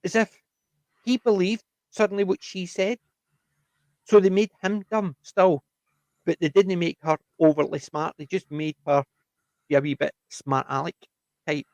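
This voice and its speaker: A man with a gravelly, creaky voice talks through a TV episode in casual chat. He rambles and restarts as he retells scenes. His voice is recorded close and dry, with no room sound. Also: on the high side, fairly even intonation, a little slow, darkish tone, no echo. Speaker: TV review podcast co-host.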